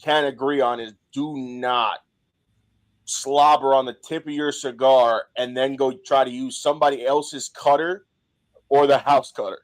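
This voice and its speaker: A man hosting a podcast in casual chat, relaxed and talkative. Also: medium pitch, a little slow, low-quality recording. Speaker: podcast host.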